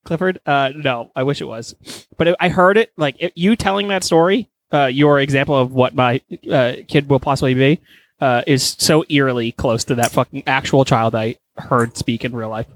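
A man's voice: medium pitch, normal speed. A young man co-hosting a podcast, chatting casually with crude, profane jokes. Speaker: podcast co-host. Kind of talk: casual comedic chat.

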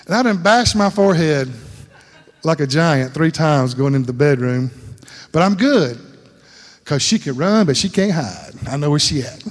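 A man's voice: fairly high pitch, lively intonation, normal speed. A middle-aged man preaching a sermon, telling a folksy story and laughing often. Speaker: pastor. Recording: long hall reverb.

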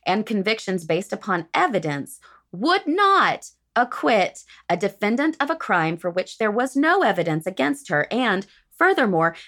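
A woman's voice: a little high, a bit bright. A woman podcast host reading a prepared history segment with dry, sardonic asides.

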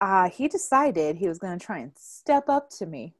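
With a fairly low pitch and normal speed, a young adult woman hosts a podcast that's a casual family chat packed with stories and laughter. She animates her tales, laughs frequently, and voices quotes loudly. The audio is clean studio sound without echo.

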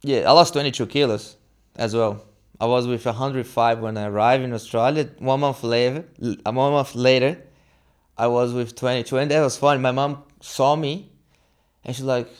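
A young adult man from Brazil, with Portuguese as his first language and a Brazilian accent, appears as a guest in a casual interview. He tells stories animatedly, acting out quotes in halting non-native English, with a medium-pitched voice.

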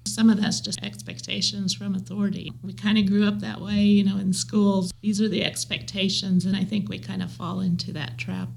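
A woman's voice: medium pitch, flat delivery, normal speed, creaky, hardly any pauses, a little mellow, slightly rough, low-quality recording. A woman with an American Midwestern accent, answering interview questions in a reflective, earnest way. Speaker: guest, leadership trainer.

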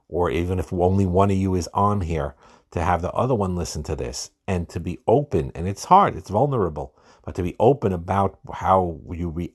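Low-pitched male podcast host, earnest and unscripted, repeats as he goes. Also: darkish tone, slightly rough. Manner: earnest, repeats words when starting a thought. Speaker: podcast host giving marriage advice. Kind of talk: solo podcast talk.

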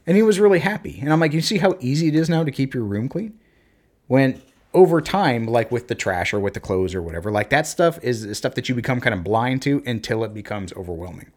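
Animated man telling parenting stories. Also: mid-range voice, quick pace. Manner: animated storyteller, acts out talks with his kids. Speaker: podcast co-host, parent. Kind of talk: casual chat.

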